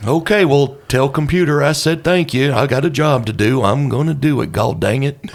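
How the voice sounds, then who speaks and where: A man's voice: mid-range voice, moderate pace. A man playing in a tabletop game, talking in a dry, matter-of-fact way. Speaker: player. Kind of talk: casual tabletop game talk.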